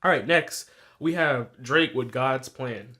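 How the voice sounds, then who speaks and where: Reviewing new music alone on his podcast, a young male host speaks slowly in a medium-pitched voice with a sharp tone. His talk is loose and full of profanity, with frequent self-corrections and laughter at his own remarks.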